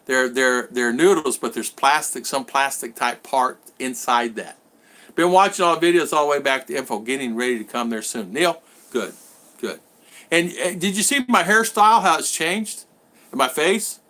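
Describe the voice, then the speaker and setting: A man's voice: mid-range voice, animated, moderate pace, bright, forceful tone. A man hosting a casual live stream from his home in the Philippines, rambling and repeating himself while greeting viewers by name.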